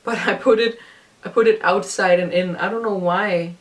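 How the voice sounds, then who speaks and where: A woman's voice: mid-range voice, steady tone, normal speed. Rambling young woman, voice slightly distant. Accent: noticeable non-native accent. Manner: rambling, self-deprecating, frequent ums. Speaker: vlogger. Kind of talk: casual reaction vlog commentary.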